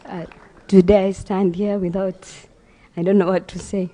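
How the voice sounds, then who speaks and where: A grieving woman giving a halting, emotional eulogy for her brother. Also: medium pitch, little pitch movement, mellow. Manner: emotional, halting, voice breaking at times. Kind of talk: funeral eulogy.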